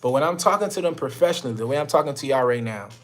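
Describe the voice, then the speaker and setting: A man's voice: mid-range voice, expressive, racing. A young man coaching his mentorship group on a call, blunt and preachy, full of slang and swearing. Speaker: business mentor. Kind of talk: motivational talk on a call.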